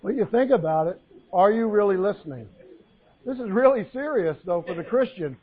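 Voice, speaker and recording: High-voiced man preaching over a tinny line. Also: expressive, normal speed, breathy edge. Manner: folksy storytelling with jokes and Bible reading. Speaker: pastor. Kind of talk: sermon. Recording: phone-like narrow sound.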